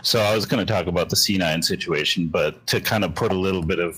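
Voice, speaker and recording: Very deep, husky-voiced male caller. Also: fast, a bit bright, low-quality recording. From North Dakota, US. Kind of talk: casual call-in chat.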